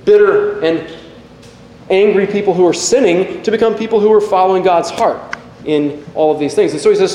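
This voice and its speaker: A man's voice: high-pitched, fairly quick, warm tone, slight background noise. A pastor in his forties giving an earnest, self-deprecating sermon in a church hall. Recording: echoey hall with long reverb.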